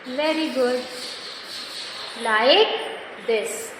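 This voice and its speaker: Lady teaching kids crafts, slow and patient, higher voice, real echoey room with long reverb. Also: noisy background. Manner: slow, patient, instructive, praising often. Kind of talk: step-by-step craft lesson for children.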